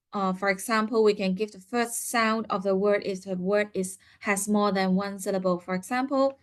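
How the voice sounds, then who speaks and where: Woman explaining to parents, many fillers. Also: medium pitch. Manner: explains step by step, many "uh" fillers, acts out parent and child lines. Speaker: parent seminar speaker. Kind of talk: teaching parents in a seminar.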